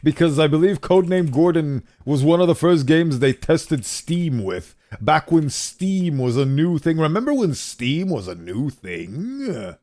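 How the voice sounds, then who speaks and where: A man streaming a game, chatting casually and animatedly, self-deprecating and quick to laugh. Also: on the high side, sing-song, a little mellow. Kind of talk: casual commentary while playing.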